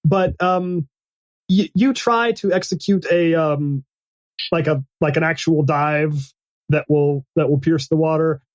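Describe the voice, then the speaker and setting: Halting man narrating a tabletop game. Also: a little high, no echo, rough recording. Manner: halting, full of restarts and fillers. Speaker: game master.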